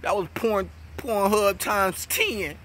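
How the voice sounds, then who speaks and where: A young New York man, a battle rap commentator, delivers a mocking, profane trash-talking vlog rant about a battle rapper. He speaks slowly, swinging between loud jabs and low mutters, with slight background noise.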